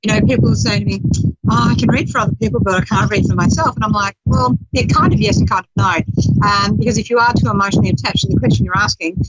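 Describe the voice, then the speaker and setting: A woman's voice: medium pitch, fast, noisy background. A woman hosting a spiritual talk radio show, chatting casually, laughing often and acting out quoted voices. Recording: dull lo-fi radio audio.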